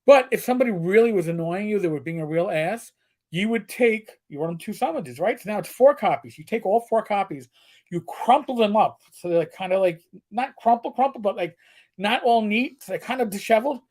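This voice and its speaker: A man's voice: high-pitched, animated, brisk, a little mellow. A middle-aged man telling stories in casual chat, crude and joking, sometimes slipping into put-on voices. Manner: storyteller who slips into put-on voices, crude jokes. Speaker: co-host.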